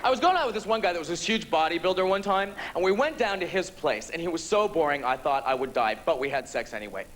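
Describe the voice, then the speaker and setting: A man performing a stand-up comedy set on a theatre stage, campy, with quick punchlines. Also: fairly high pitch, expressive, a crowd in the background, background noise. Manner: campy, rapid punchlines with quoted voices.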